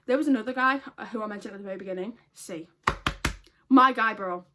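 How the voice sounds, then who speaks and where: A woman's voice: medium pitch, fast talker, pushed and bright. A woman telling a storytime vlog in a casual, blunt way, swearing a lot and laughing often. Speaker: vlogger.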